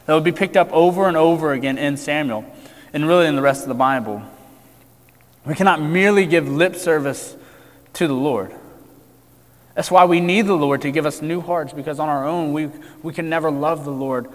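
A man preaches in an earnest, emphatic manner with a somewhat high voice. His phrases swell loud and then sink low and quiet. The sound carries the long reverb of a large hall. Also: moderate pace. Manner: earnest, emphatic with wide swings in loudness. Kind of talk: sermon.

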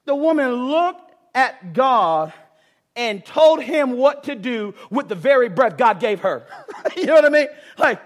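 Animated high-voiced male preacher. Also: unhurried. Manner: animated, swings from loud outbursts to hushed tones; laughs often, repeats words for emphasis. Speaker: pastor. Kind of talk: sermon.

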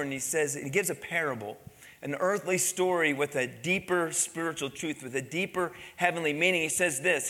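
A man's voice: high-pitched, bright, forceful tone. A man preaching a sermon in a conversational way, asking the congregation questions as he reads and explains a story. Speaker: pastor. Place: church sanctuary. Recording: long church reverb.

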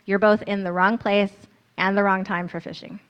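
A woman's voice: mid-range voice, little pitch movement, moderate pace, clean tone, highs cut off. A woman narrating a guided scripture meditation in the second person, in an earnest, storytelling manner.

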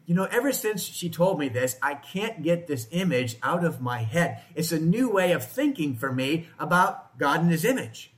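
Male pastor, slightly higher voice, conversational sermon delivery. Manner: conversational, asks the congregation questions. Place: church, in front of a congregation.

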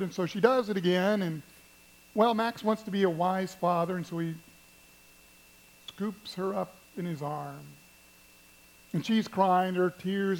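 A pastor preaching a sermon at a church service, telling stories and addressing the congregation with emphasis. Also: male voice, high-pitched, rough recording. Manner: storytelling, emphatic, speaks to the congregation.

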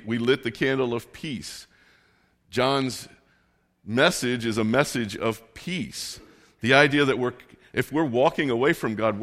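A male preacher at an ordinary middle pitch delivers his sermon like a relaxed conversation. He tells a personal story in a self-mocking way. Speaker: pastor.

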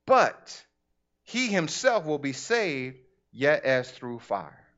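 High-voiced preacher man, conversational sermon. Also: takes it slowly, dull audio. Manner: animated, conversational preaching with acted asides. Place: church.

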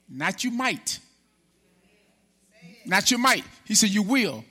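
A man preaching a sermon as pastor, animated, calling out to the congregation and acting out biblical figures. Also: sits high, slow, long pauses, husky. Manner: animated preaching with call-and-response; acts out biblical figures in quoted speech.

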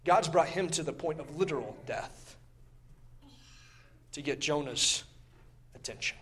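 A man preaching a sermon with passion, reading scripture in old-style wording, swelling loud and then dropping low, and often repeating his words. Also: animated, unhurried.

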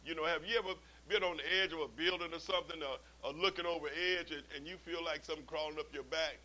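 Man preaching, high voice, lots of jokey stories, keeps repeating words, bright tone. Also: fast, slight background noise, poor audio. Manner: animated storytelling with humorous asides; repeats words when starting sentences. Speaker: pastor. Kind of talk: sermon.

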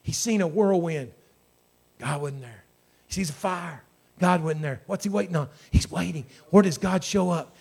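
Impassioned high-voiced male preacher. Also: moderate pace, creaky. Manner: impassioned, swinging from hushed to shouting. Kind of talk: sermon.

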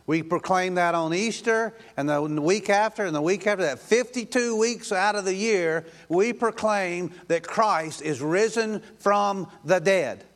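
A man's voice: high voice, a little slow, few pauses. A male pastor preaching a sermon in an emphatic, repetitive way, with rhetorical questions.

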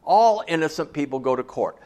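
A pastor gives a sermon in an easy, conversational style, often checking in with the congregation through questions. His voice is a touch high for a man, with a dark tone, lively intonation and a brisk pace.

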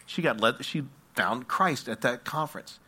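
A man preaching a sermon, telling stories dramatically and swinging from hushed tones to loud ones. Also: medium pitch, lively intonation, moderate pace, husky.

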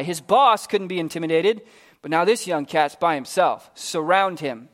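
A man preaching a sermon, telling a Bible story with animated, casual acted-out voices for its characters. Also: on the high side, normal speed.

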